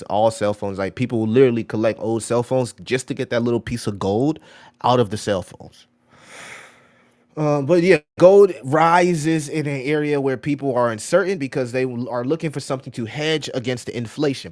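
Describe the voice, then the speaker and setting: Male live-stream host, loose and slangy, talking through viewer comments at a mid pitch. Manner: rambling, slangy, says "bro" and "right?" often; reads out and answers viewer chat. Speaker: crypto livestream host.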